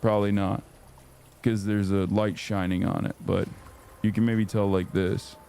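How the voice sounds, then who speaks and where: Unhurried, with a little hiss or hum in the audio, a man in his thirties narrates a story on his livestream. This streamer is casual, profane and animated, and he leaps into high-pitched voices for quotes.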